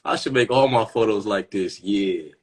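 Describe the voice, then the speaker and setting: Husky, playful man on a phone livestream. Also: lowish voice, moderate pace, a little mellow. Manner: joking, playful, jumps into silly voices. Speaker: livestream host. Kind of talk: casual livestream chat.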